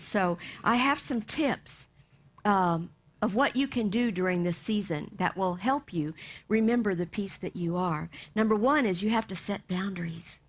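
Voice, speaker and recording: A woman minister giving a sermon, lively, acting out bits of the story and dropping to soft near-whispers for emphasis. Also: mid-range voice. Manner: animated, acts out voices, drops to soft near-whispers.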